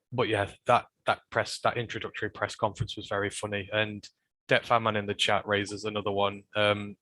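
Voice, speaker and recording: A man's voice: on the low side, bright, forceful tone, no room sound. A British man co-hosting a podcast, easygoing, with plenty of fillers as he leads the talk into each segment. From United Kingdom. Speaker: podcast co-host. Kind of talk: casual sports chat.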